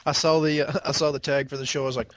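A man's voice: medium pitch, level tone, fast talker, no room sound. A man co-hosting a podcast in a casual chat, teasing the others and laughing often. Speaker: podcast co-host.

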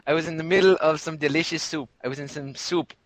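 A man with a Canadian accent, his voice middle in pitch and recorded close and dry. He bickers in a playful, mock-grumpy way. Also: steady tone, fast, no echo. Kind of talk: casual group chat.

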